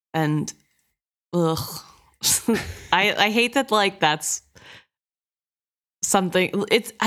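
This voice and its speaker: A woman co-hosting a casual book discussion podcast, talking in an animated, exasperated way with many "like"s. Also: on the low side. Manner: animated and exasperated, says "like" often. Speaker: podcast co-host.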